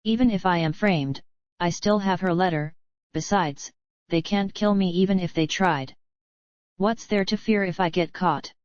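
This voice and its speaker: Woman reading a sarcastic young hero muttering his thoughts, lowish voice. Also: normal speed, dry recording, dull audio, lightly acted. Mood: musing. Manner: musing, talking to himself.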